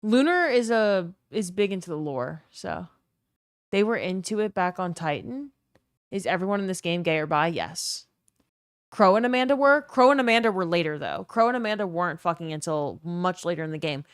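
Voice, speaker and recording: A woman's voice: on the low side, moderate pace, clean tone, no room sound, clean studio sound. Blunt, profane woman streamer. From Southern US. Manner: blunt, profane, animated chatter. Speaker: game streamer. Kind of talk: casual livestream commentary.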